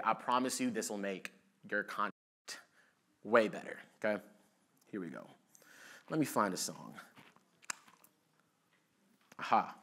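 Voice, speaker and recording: A man's voice: mid-range voice, fairly bright tone. Chatty young man giving a talk. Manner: casual, chatty, uses fillers. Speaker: presenter. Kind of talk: conference talk. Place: event stage.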